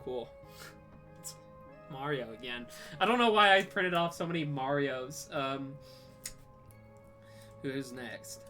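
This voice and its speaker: Giggly, bright-voiced young woman streaming. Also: extremely low pitch, animated, slow pace, pauses often, faint music behind. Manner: giggly and profane, breaks into fits of laughter. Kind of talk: casual chat on a livestream.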